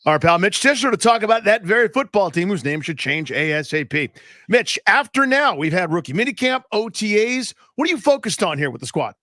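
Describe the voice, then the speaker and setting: Bright, lively-voiced radio co-host. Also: male voice, sits high, brisk, no room sound, studio quality. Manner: playful, teasing. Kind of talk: sports radio talk.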